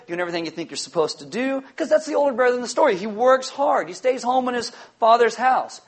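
A man with a notably high voice for a man preaches a sermon to his congregation. He speaks emphatically, repeating his main refrain and slowing to let key phrases land. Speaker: pastor.

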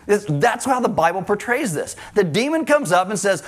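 Male preacher, fairly high, lively sermon delivery with jokes. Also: normal speed, hardly any pauses. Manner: animated, joking asides, acts out quotes. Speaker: pastor.

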